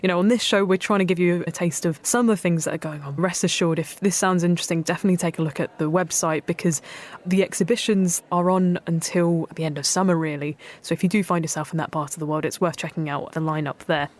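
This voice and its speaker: A woman hosting a design radio show from the studio. She chats in a relaxed way. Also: lowish voice, quick pace. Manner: chatty, relaxed. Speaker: radio host.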